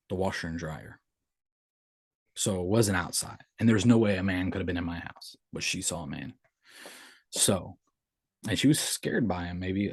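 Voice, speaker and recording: A man's voice: low voice, no room sound, clean studio sound. A middle-aged man and father, casually telling his own haunted-house experiences in a rambling, conversational way and acting out what people said. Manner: conversational, rambling with restarts and acted-out quotes. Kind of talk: casual storytelling.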